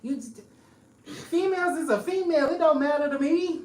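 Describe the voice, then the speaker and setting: A woman's voice: sits high, fairly quick, darkish tone, slight background noise. A woman chatting casually as a podcast guest, blunt and joking, laughing often. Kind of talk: casual chat. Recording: echoey room, mic at a distance.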